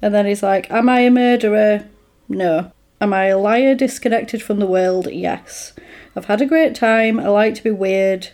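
A woman in casual conversation, telling a film's story with lively swings in her voice as she acts out each character's lines. Her pitch sits in a middling range. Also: normal speed. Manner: animated storytelling, acting out quoted lines. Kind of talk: casual chat retelling a film plot.

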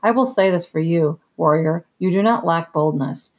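A cunning male giant rat with a dry, formal, mocking way of talking, as an audiobook reader puts him on. The voice is gravelly and pitched mid-range. The recording is a little dull and muffled. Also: moderate pace, lightly acted. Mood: sardonic.

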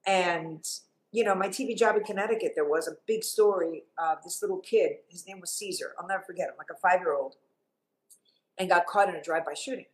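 Lively middle-aged woman, tv journalist guest, punchy emphatic storytelling, born in cuba. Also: fairly low pitch, fairly quick, low-quality recording. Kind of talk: interview conversation.

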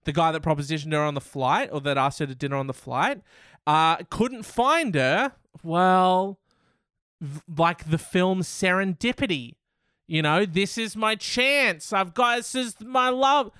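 A man's voice: on the high side, fairly bright tone, clear, resonant tone, dry recording, clean studio sound. Man with sarcastic, rambling comedic commentary. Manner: sarcastic, rambling asides with swearing. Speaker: host reading and mocking news stories.

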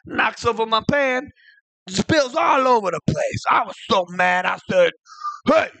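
High bright guy telling a goofy story on a podcast, gets loud all of a sudden, dry mic. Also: a little slow, gravelly, no room sound. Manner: animated, jumps into loud outbursts. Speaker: co-host.

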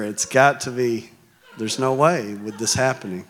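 A man's voice: medium pitch, moderate pace, noisy background. A man preaching a sermon in a church hall, talking conversationally and joking with the congregation.

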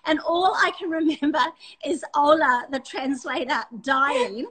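An Australian woman hosts a casual conversation with a high, bright pitch. She is effusive and affectionate and keeps restarting her sentences as the stories tumble out. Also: poor audio. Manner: effusive, talks in quick restarts. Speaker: host. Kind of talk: casual chat.

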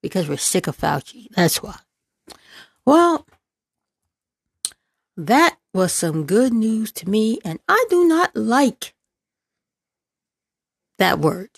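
A woman's voice: mid-range voice, big pitch swings, slow pace, vocal fry, long pauses, slightly rough, dry recording. Exasperated woman ranting in a dry room. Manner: exasperated, sarcastic, repetitive emphasis. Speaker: political commentary vlogger. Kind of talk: reading news then ranting commentary.

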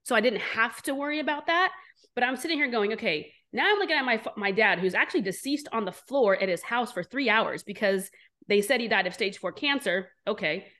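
A woman entrepreneur being interviewed, telling her story candidly and bluntly, animated and swearing freely. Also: a little high, brisk. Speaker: entrepreneur guest.

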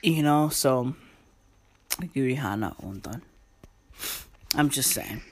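Low-voiced slangy woman, slow and lively. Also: husky. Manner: loose, profane, slangy, rambling. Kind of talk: casual comedic chat.

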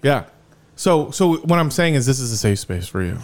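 A man's voice: medium pitch, big pitch swings, normal speed. A young man co-hosting a podcast in crude casual chat, joking, laughing often and rambling through stories. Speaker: podcast co-host.

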